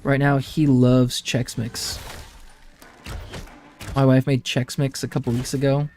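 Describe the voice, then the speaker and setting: A man's voice: mid-range voice, little pitch movement, slow, a little mellow. A young man and streamer telling rambling family anecdotes in casual chat, laughing often. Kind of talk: casual chat while gaming.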